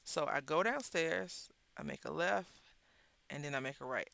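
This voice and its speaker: A crafting host talks while she works, spinning an everyday story with animated, chatty energy and dry little asides. Her voice is bright and forceful, with a gravelly fry running under it. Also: deep voice, normal speed, dry recording. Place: at a craft table.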